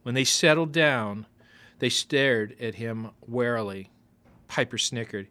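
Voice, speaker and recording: A man reading a novel aloud as narrator, with lively, expressive storytelling. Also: medium pitch, slow pace.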